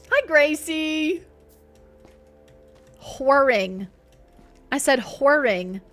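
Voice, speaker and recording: A woman streaming a game, chatting playfully with her viewers and herself. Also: high voice. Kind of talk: casual live-stream chat while gaming.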